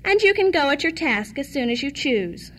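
A woman's voice: high voice, big pitch swings, moderate pace, slight background noise. A woman voicing a scornful, harsh stepmother in a read-aloud fairy tale, speaking sharply and dismissively. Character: scornful harsh stepmother lady, middle-aged.

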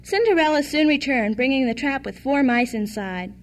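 A woman reads a classic fairy tale aloud in an even, measured manner. Her voice sits high. She paces the narration steadily. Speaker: storyteller.

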